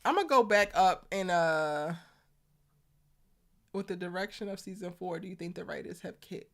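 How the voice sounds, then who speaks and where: A woman's voice: on the low side, moderate pace, a bit bright. A young woman with a Baltimore accent hosting a casual live stream, chatting and reading viewer comments aloud with frequent laughs.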